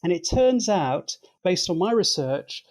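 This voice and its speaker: Man explaining at length, slightly high voice. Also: very animated, measured pace. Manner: lecturing, methodical. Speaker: expert guest. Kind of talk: explanatory interview talk.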